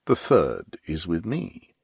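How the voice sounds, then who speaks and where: A man voicing a composed nobleman who speaks in a measured, reassuring way. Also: low-pitched, wildly swooping pitch, vocal fry, breathy edge, no room sound, clean studio sound, heavily acted. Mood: calm, measured. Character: calm, composed nobleman, quietly persuasive.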